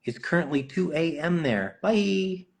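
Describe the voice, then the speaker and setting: A man's voice: mid-range voice, animated, measured pace. A middle-aged man chatting casually and jokingly while signing autographs on a live stream. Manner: playful, jokey, chatty while writing.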